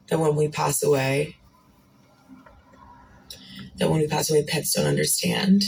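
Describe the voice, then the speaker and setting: A woman's voice: sits low, steady tone, a little slow, gravelly, pauses often, a little mellow, low-quality recording. A woman musing casually, asking listeners questions and wandering between thoughts.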